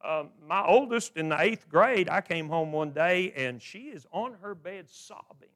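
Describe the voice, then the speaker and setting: A middle-aged male preacher with a high voice that leaps up and down. He delivers a sermon full of questions, often repeating words as he restarts his sentences. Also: lively intonation, measured pace, fairly bright tone.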